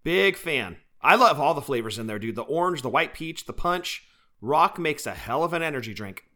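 A young man co-hosts a casual podcast, chatty and playful as he tells stories. His voice is bright and forceful and sits a little high. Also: moderate pace. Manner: chatty, playful, animated storyteller. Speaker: podcast co-host. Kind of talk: casual chat.

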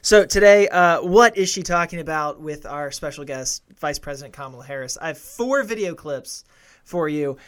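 A man hosting a quiz segment on a podcast in casual chat, halting with fillers. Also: a little high, lively intonation, clear, resonant tone. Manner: halting, many fillers and restarts.

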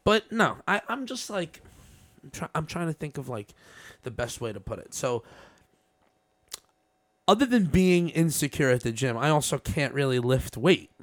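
A man's voice: fairly high pitch, big pitch swings, normal speed, no echo. A man in casual chat, swearing often and restarting his sentences. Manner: profane, stammering restarts.

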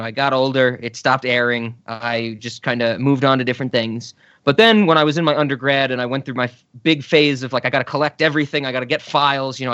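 Easygoing mid-pitched man reminiscing. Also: a bit bright, no room sound. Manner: easygoing, reflective storytelling with fillers. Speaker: podcast co-host. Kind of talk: casual podcast chat. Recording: slightly dull, dry lo-fi audio.

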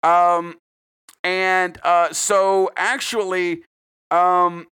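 A man from South Carolina hosting a casual true-crime podcast, profane and rambling with quick jokes. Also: high voice, little pitch movement, bright, forceful tone, smooth. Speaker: podcast host.

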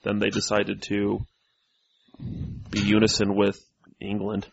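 A man co-hosting a casual podcast, joking loudly and reading things out to the group. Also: fairly low pitch, monotone, slow, vocal fry, slightly rough. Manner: loud, joking, reads from a screen. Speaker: podcast co-host. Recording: dull lo-fi sound.

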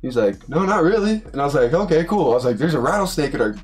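A young adult man from Utah, a college football player who co-hosts a podcast, tells a story in a casual chat with faint music behind him. His mid-range voice moves rapid-fire and animated as he acts out other people's lines and laughs often.

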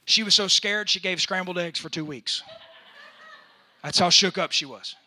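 A man, a pastor telling a story in a sermon that builds into loud preaching. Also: high-pitched, moderate pace.

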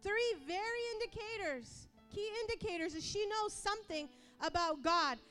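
High-voiced woman preaching a sermon. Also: normal speed, soft background music. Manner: impassioned, rising to yelling; acts out quoted voices.

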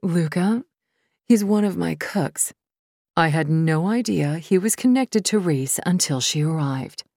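A woman voicing a composed woman who runs a retreat and speaks evenly and with measured polish. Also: on the low side, animated, darkish tone, no echo, studio quality.

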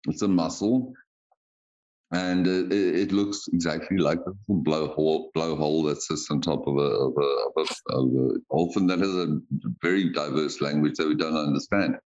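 Male podcast co-host, very low voice, rambling talker with stammered restarts, dull lo-fi recording. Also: fairly even intonation, moderate pace, a little mellow. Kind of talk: casual chat.

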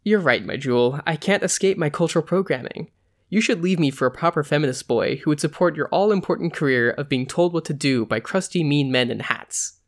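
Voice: medium pitch, animated, a little fast, close to an everyday voice. Teasing young male musician, dry and jokey, read plainly by the host.

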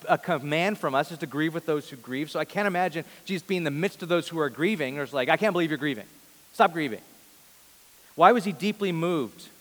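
A man in his thirties preaching a sermon before a large congregation, earnest, moving between loud emphasis and soft, hushed lines. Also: fairly high pitch. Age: 30s. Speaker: pastor. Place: large church hall before a big congregation. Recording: long reverb of a large hall.

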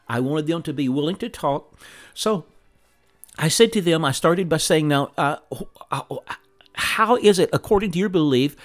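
A man, a Christian teacher earnestly recounting a conversation, with frequent restarts and repeated words. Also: on the high side. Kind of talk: storytelling teaching talk.

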